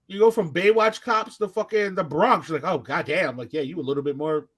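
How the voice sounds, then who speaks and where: A man's voice: high voice, fairly quick, fairly bright tone. A man on a podcast in casual chat, joking bluntly and swearing often. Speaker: podcast co-host.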